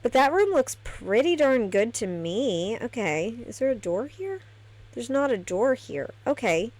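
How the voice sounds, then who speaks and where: Woman, gameplay commentary, unhurried, chatty, thinking aloud. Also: a little high, big pitch swings, a little mellow. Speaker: gameplay streamer.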